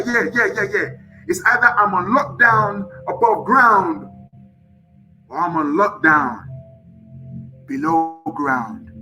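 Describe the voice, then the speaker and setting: A man's voice: sits high, poor audio. A man hosting a live motivational show, leading chanted affirmations and breathing, preaching fervently and urging viewers to respond. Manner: fervent and preachy, swinging from shouts to soft whispers; leads call-and-response, urging viewers to repeat and type. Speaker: motivational live-stream host.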